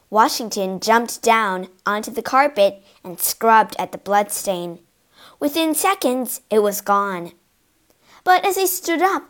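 A woman reads a children's storybook aloud, slow and inviting. Her pitch swings lively and high as she leans into the drama. She talks at an unhurried pace. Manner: expressive, slow and inviting, acting out the characters. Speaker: storybook narrator.

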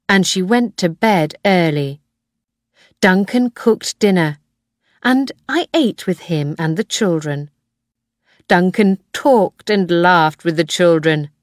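A woman narrating an audiobook in a slow, clear, measured reading. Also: on the low side, dry recording, studio quality.

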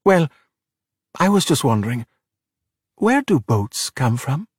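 A man's voice: medium pitch, big pitch swings, slow pace, husky, no room sound, clean studio sound, exaggerated voice. A man voicing a timid, curious boy sea monster who stammers meekly. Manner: meek, hesitant, stammering.

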